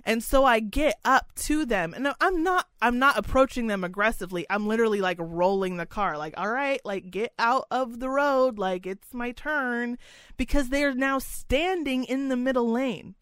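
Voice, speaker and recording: Podcast co-host, female, higher register, profane and animated storyteller, dry close mic. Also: normal speed, dry recording. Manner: profane, animated, gets loud and excited. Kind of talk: casual storytelling chat. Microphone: studio mic, close.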